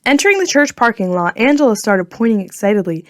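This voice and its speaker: A woman narrating a children's storybook in a clear, gentle storytelling manner. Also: mid-range voice, sing-song, fast talker, no room sound, clean studio sound. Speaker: audiobook narrator.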